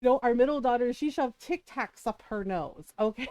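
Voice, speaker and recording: A woman's voice: a little high, normal speed, darkish tone. A middle-aged woman telling stories from home in a casual chat on her stream, laughing often and checking in with "right?". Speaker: streamer and mother.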